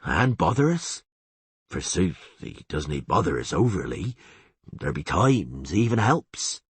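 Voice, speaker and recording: Man reads elder, slow and earnest, husky. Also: low-pitched, big pitch swings, no room sound, exaggerated voice. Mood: plodding. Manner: slow, plodding, folksy speech. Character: rustic old male peasant elder, slow and earnest.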